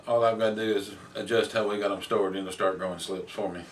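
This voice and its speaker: Low, flat-voiced older man. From Middle Tennessee. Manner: plainspoken, unhurried explaining. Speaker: homesteader. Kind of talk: casual chat. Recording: distant mic with faint background noise.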